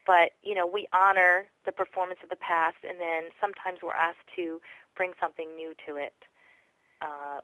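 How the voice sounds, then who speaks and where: A voice actress in an interview, talking casually and reflectively with lots of fillers. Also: female voice, fairly low pitch, a bit bright, dry recording, poor audio. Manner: reflective, chatty, many fillers.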